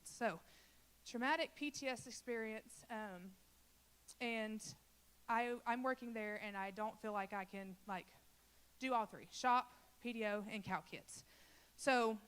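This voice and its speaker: A woman's voice: mid-range voice, clean tone. A woman from Louisiana who leads a church children's ministry, giving an earnest and emotional personal testimony and talking straight to the congregation.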